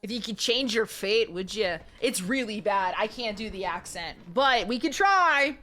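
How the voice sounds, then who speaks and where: A woman's voice: medium pitch, lively intonation, moderate pace, few pauses, pushed and bright. A woman streamer chatting and giggling as she reads a romance novel to her viewers. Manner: giggly, chatty, self-mocking. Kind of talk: live-stream reading and chat. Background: faint music.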